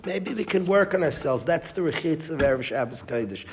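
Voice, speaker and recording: A man's voice: a little high, animated, fairly quick, slight background noise. A man giving a Torah class as a rabbi, emphatic, repeating phrases and restarting mid-sentence, with Yiddish and Hebrew terms.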